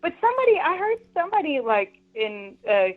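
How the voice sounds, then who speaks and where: A woman's voice: sits high, very animated, brisk. A woman calling in as a podcast guest, chatting casually and laughing easily. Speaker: guest on call-in. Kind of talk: casual chat. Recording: dull lo-fi call-in line.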